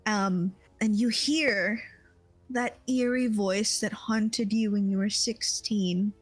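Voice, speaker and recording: A young woman game master narrates a tabletop game slowly, with lots of halting "um"s and "like"s between phrases. Her pitch is mid-range for a woman, with faint music underneath. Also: steady tone, no echo, poor audio. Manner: halting, full of fillers like "um" and "like".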